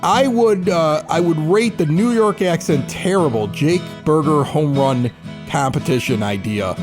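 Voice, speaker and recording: Man, podcast co-host, casual sports talk, animated, fairly high voice. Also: unhurried, music in the background. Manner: animated, laughs often.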